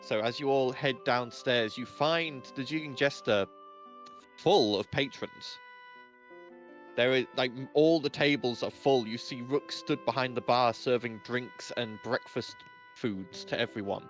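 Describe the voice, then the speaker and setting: A man running a tabletop game as its game master. He narrates in an easygoing way, with small fillers and quick self-corrections, and soft music plays behind him. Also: medium pitch.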